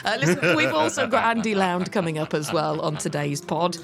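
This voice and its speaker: A woman's voice: on the low side, big pitch swings, brisk, vocal fry. A woman co-hosting a gardening podcast, chatting casually and laughing a lot, a bit hungover, with faint music behind her. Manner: giggly, lots of laughing. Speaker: podcast co-host. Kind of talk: casual chat.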